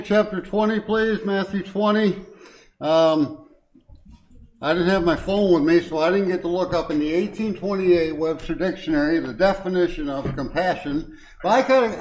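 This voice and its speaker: A man's voice: sits high, low-quality recording. An older man giving a short, informal devotion at a Bible study, folksy and chuckling, with many uh's and um's and stronger emphasis when he reads scripture. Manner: folksy, chuckling asides, frequent uh and um. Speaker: lay speaker at a Bible study.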